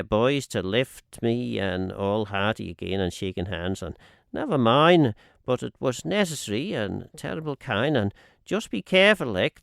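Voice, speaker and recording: A man reading a dialect narrative poem aloud on radio, measured and expressive, lifting and dropping his voice for the quoted speakers. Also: vocal fry, clean tone, no room sound, studio quality. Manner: measured and expressive, swinging pitch on quoted lines. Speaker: radio reader. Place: radio studio.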